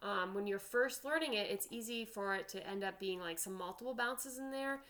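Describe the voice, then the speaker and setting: A woman's voice: medium pitch, moderate pace, fairly bright tone. A woman band teacher giving an online drum lesson, counting aloud and checking in with "all right?".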